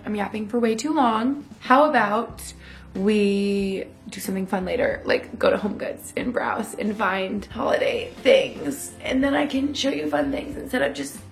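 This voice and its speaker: A young woman talks straight to her viewers in a casual vlog, stringing thoughts together with constant "like"s and little acted-out quotes of herself and others. Her voice sits in an ordinary middle pitch for a woman. Soft music plays faintly underneath. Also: lively intonation, measured pace. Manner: chatty, lots of "like", quoting herself and others. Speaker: vlogger. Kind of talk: casual confessional vlog chat.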